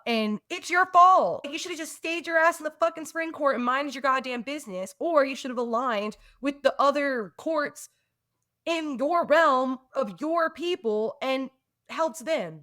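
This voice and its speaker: A woman's voice: a little high, sharp tone, no echo. Ranting woman podcast co-host, dry close sound. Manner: ranting, frequent swearing. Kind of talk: casual book discussion.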